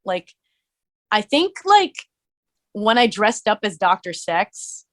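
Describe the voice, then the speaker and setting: A young adult woman, a musician and streamer, chatting casually as a podcast guest, full of "like" fillers and quick to laugh. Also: mid-range voice, big pitch swings, a bit bright.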